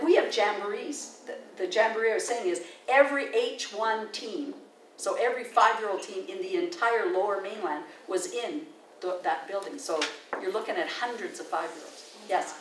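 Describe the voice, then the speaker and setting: A woman's voice: mid-range voice, moderate pace. An older woman with a Canadian accent giving a chatty, digressive presentation as a risk manager, telling stories with many fillers and restarts. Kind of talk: informal presentation with anecdotes. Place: large meeting room. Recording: echoey room, distant mic, faint noise.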